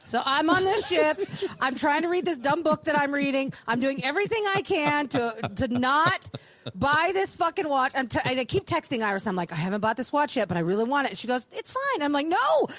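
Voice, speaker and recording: Co-hosting a live podcast show on a cruise ship, a woman tells a long, animated story packed with swearing, acting out each voice in the dialogue with big pitch jumps. Her delivery is sing-song, fast and a bit bright, with no echo.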